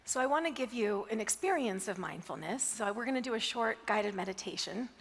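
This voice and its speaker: A woman giving a motivational keynote talk on a conference stage, telling an animated story and asking the audience questions. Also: on the high side, a little fast, creaky, a little hiss or hum. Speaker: keynote speaker. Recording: reverberant hall.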